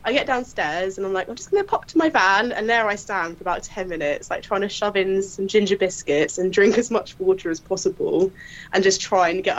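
Woman guest, lively storyteller, laughs a lot, voices quotes, slightly dull lo-fi sound. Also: mid-range voice. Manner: animated, laughing storyteller who acts out quotes. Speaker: crime scene investigator guest. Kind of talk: casual anecdote telling.

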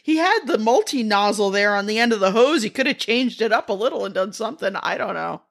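A woman's voice: mid-range voice, lively intonation, fast, vocal fry. Woman, podcast co-host, dry wry humor, casual chat, laughs often.

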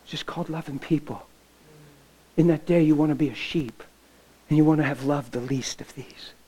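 A middle-aged pastor with a voice on the high side, mellow with a breathy edge, speaks at normal speed on a rough recording. Telling a personal story during his sermon, he gets emotional, voices the dialogue, and keeps dropping to nearly a whisper.

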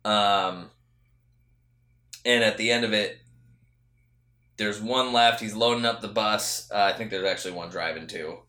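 A man's voice: on the low side, fairly even intonation, measured pace, pauses often, pushed and bright, roomy sound. A man co-hosting a podcast, chatting casually and rambling through movie scenes with restarts and swearing. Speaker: podcast co-host. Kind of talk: casual chat.

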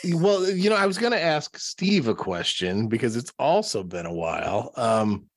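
A man's voice: mid-range voice, big pitch swings, normal speed, dry recording. A man co-hosting a podcast, wryly needling the others in casual chat. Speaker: podcast co-host.

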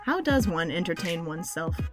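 A young woman co-hosting a casual chat, reacting quickly with dry quips. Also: fairly low pitch, animated, faint music behind. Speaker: podcast co-host.

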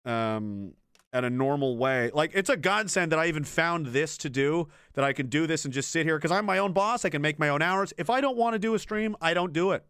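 A man's voice: a little high, expressive, a little fast, fairly bright tone, clear, resonant tone, no room sound, clean studio sound. A young adult man, streaming an unscripted rant about his time as a military veteran. He talks bluntly and swears a lot, often breaking off mid-sentence and starting again. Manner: blunt and profane, with frequent trailing restarts.

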